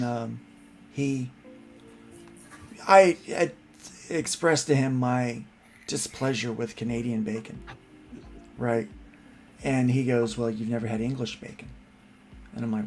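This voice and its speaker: A man hosting a casual chat, telling rambling, animated stories full of restarts. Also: medium pitch, unhurried, vocal fry, long pauses, soft background music. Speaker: podcast host.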